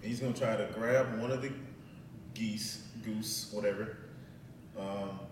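A man's voice: fairly low pitch, steady tone, a little slow. A man playing a tabletop game, blunt and wisecracking. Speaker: player. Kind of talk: casual tabletop play. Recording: echoey room, mic far off, background noise.

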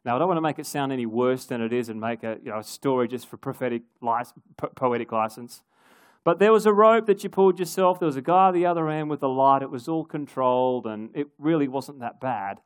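A man giving a sermon, telling a personal story with wry, animated asides. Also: medium pitch, fairly quick, no room sound, studio quality. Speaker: preacher.

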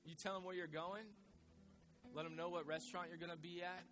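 A man's voice: sits high, little pitch movement, fairly quick, a bit bright, faint music behind. A male pastor preaching a sermon in a conversational way, repeating his key phrases for emphasis.

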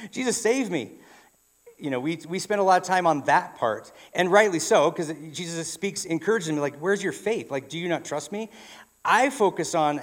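A man preaching a sermon in a church, telling a story in a conversational way with frequent restarts. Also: fairly high pitch. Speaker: pastor.

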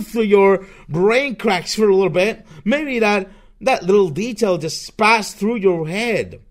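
Profane, slow-talking man ranting solo. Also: sits high, animated. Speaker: podcast host. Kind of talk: solo rant podcast.

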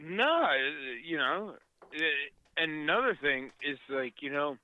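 A man's voice: on the high side, expressive, dry recording, dull audio. A man telling travel stories in casual chat, rambling and swearing with many fillers. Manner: rambling, profane, halting with fillers.

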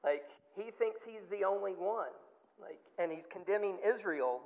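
A man's voice: sits high, normal speed. A man teaching a Bible study in a chatty, emphatic way, with lots of fillers and restarts. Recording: dull lo-fi sound with long reverb.

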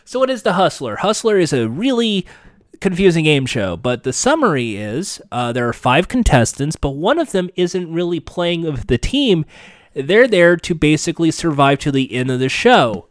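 A man's voice: a little high, very animated, moderate pace, no echo. A man hosting a podcast in casual chat, candid and sarcastic, swearing freely. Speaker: podcast host.

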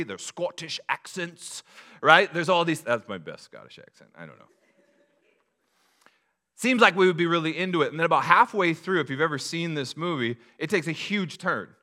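Speaking with a bright, forceful edge, a male pastor preaches in a conversational style, posing rhetorical questions and now and then restarting a phrase. His pitch is at an ordinary middle level for a man.

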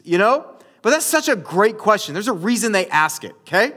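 A man's voice: high-pitched, big pitch swings, a little fast, pushed and bright. A man preaching a sermon in a conversational storytelling way, often speaking to his listeners as you guys. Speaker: pastor.

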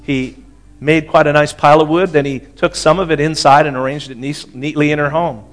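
A man's voice: a little high, steady tone, fairly quick, faint music behind. A man preaching a sermon in a conversational way, often checking in with the congregation. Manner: conversational, asks the audience for agreement. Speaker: pastor.

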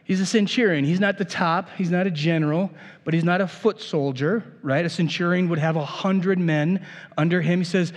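A man's voice: high-pitched, fairly even intonation, moderate pace, in a large hall. A man preaching a sermon as pastor in a casual, conversational way, often restarting his phrases.

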